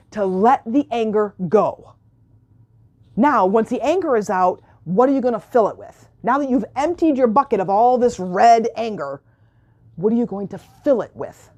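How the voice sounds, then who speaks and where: Woman host, spiritual coach type; mellow, earnest, repetitive self-help delivery. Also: on the high side. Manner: earnest, repetitive, voices imagined clients. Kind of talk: motivational self-help talk.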